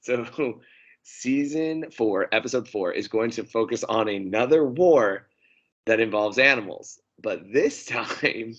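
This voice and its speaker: A man co-hosting a casual history podcast, quick with quips and laughs. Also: medium pitch, animated. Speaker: podcast co-host. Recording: dull lo-fi sound.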